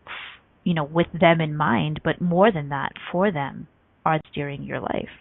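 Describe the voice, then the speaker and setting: A woman hosting a motivational radio talk show, telling stories with lively acted-out voices and frequent laughter. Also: sits low, measured pace, vocal fry, no room sound. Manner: animated storytelling, acts out quoted voices; laughs often between points. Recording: tinny phone-like line, dry.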